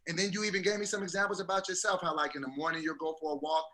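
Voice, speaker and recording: A man with a high, very bright voice tells a story in casual podcast chat. He acts out what people said with lots of energy. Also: very fast, few pauses. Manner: animated storyteller, acts out quotes. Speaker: podcast co-host.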